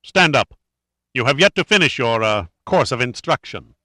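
Menacing thriller heavy, read by a male narrator; cold mockery, sudden yelled orders, bright edge. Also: mid-range voice, lively intonation, brisk, dry recording, studio quality. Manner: cold, mocking, erupts into shouting. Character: cruel sadistic male villain, menacing and volatile.

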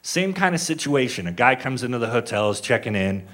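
A man's voice: mid-range voice, sing-song, a little fast, fairly bright tone. A male stand-up comedian telling a story on stage, conversational and acting out the people he quotes, with audience laughter behind him.

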